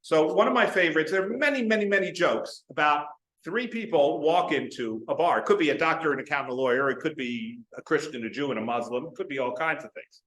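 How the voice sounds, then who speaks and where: A man giving a humorous prepared club speech, telling jokes in an animated way. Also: a little high, quick pace, hardly any pauses. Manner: animated joke-telling with quoted voices. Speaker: club speaker. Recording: roomy echo.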